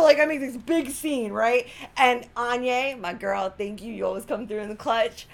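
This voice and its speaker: A woman's voice: a little high, normal speed, vocal fry, hardly any pauses. A woman in her thirties co-hosting a casual wellness talk, telling stories animatedly with gasps, laughs and acted-out quotes. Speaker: co-host of a wellness product talk. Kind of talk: casual storytelling chat.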